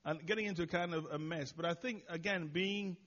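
A man's voice: fairly high pitch, fairly quick, a bit bright, dull audio. A man at a church service reflecting on the sermon in a loose, hesitant way, full of "uh"s and restarts and poking fun at himself. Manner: hesitant, with many "uh"s and restarts, self-deprecating. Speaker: church leader responding to the sermon. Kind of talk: informal reflection after a sermon.

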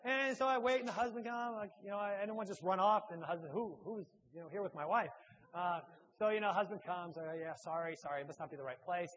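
A man, a church speaker and author, telling a humorous personal anecdote in a halting, self-deprecating way. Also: high voice, a bit bright, highs cut off.

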